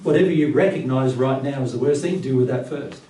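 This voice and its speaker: A man giving a casual spiritual teaching talk to a small group, lively and blunt, often laughing. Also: medium pitch, a little fast. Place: living room. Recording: roomy, distant, faint room hum.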